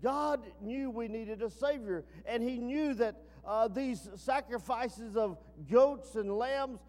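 A man preaching a sermon, swinging from emphatic peaks down to low, quiet asides. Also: slow pace. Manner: rising to emphatic peaks then dropping low. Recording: long reverb.

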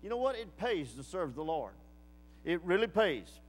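A man's voice: high-pitched, big pitch swings, moderate pace. A man preaching a sermon in a church, telling folksy stories and rising into emphatic outbursts. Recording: long reverb of a large hall.

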